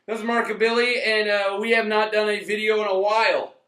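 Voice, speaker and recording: A man in his late twenties co-hosting a casual movie review, rambling, joking and swearing, tipsy, now and then breaking into loud shouts. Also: sits high, flat delivery, brisk. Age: late 20s. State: tipsy from tequila and beer. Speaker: co-host of a movie review channel. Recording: echoey room sound.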